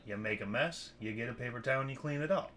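A man who is a podcast guest, speaking in a calm, matter-of-fact way in casual chat. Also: mid-range voice, fast, crowd noise.

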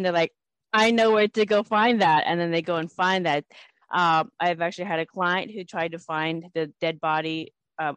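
A woman's voice: on the low side, clear, resonant tone, dry recording. Earnest woman host, dry close sound. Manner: earnest, explains at length with restarts. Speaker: podcast host and hypnotist. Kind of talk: conversational interview.

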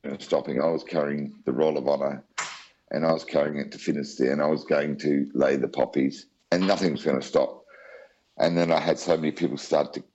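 Very deep-voiced Australian man. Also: steady tone, a little fast, darkish tone, husky, lo-fi sound. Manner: chatty, rambling with many asides. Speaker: interview guest. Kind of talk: storytelling in an interview.

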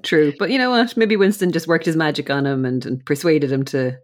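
A woman with a lower voice co-hosts a relaxed recap podcast. She is giggly and enthusiastic and breaks into laughter often. She retells scenes with gusto. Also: brisk. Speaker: podcast co-host. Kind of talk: casual recap chat.

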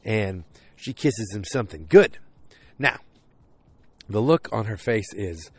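A man's voice: on the low side, animated, slow, husky, no echo. A man casually recapping a TV episode, rambling with lots of fillers and acting out the characters' lines. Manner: rambling, full of fillers, acts out quotes.

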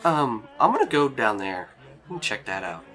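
A man voicing a playful, easygoing young male hotel companion in a tabletop game, with relaxed teasing banter. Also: fairly low pitch, normal speed.

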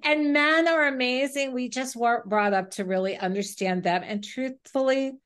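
A woman's voice: high-pitched, normal speed, a bit bright. A middle-aged woman, a guest dating coach on a podcast interview, telling her own story in an earnest, open way.

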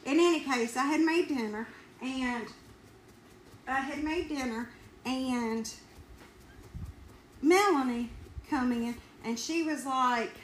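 Southern woman podcast host, high voice, animated storyteller, roomy echoey sound. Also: takes it slowly, long pauses. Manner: animated, laughs while telling stories. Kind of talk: casual storytelling chat. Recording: roomy echo with faint ambient noise.

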